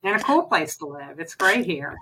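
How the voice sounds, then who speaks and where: A woman's voice: low-pitched, moderate pace, slightly rough, rough recording. An older woman from New Jersey, an author being interviewed, telling chatty stories in a casual conversation. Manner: chatty storyteller, animated anecdotes. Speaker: author, guest.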